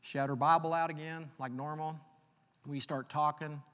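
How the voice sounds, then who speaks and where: Man preaching, slightly high voice, slow scripture reading, folksy storytelling, long hall reverb. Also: level tone, a bit bright. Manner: quotes scripture slowly, tells personal stories conversationally. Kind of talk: sermon.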